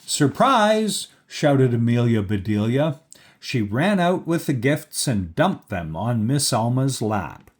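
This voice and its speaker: Slow, lively male storybook reader. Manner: slow, lively reading with raised pitch for quoted characters. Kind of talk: children's read-aloud.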